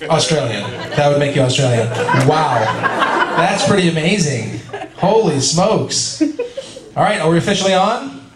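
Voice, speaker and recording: A man's voice: on the high side, lively intonation, normal speed, very noisy. A man in his forties from California, telling stories at a convention panel in a chatty, self-deprecating way and laughing often. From California, USA. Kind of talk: casual Q&A storytelling. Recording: echoey convention hall with crowd.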